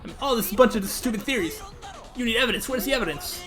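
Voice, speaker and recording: A man's voice: very high voice, animated, rapid-fire, over music, pitched above the performer's own voice. A man voicing a hotheaded, defiant young male murder suspect in a video game, reading the lines with crude indignation. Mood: indignant.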